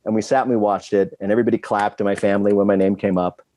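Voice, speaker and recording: A man with a fairly low, dark-toned voice races through his words in a level tone. As a guest screenwriter in a casual interview, he tells rambling, self-deprecating stories and often restarts his sentences.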